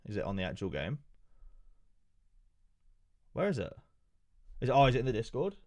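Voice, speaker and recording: A man on a live stream, reading an update aloud with excitable, profane asides. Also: medium pitch, moderate pace, no room sound. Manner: excitable and profane, joking asides between read passages.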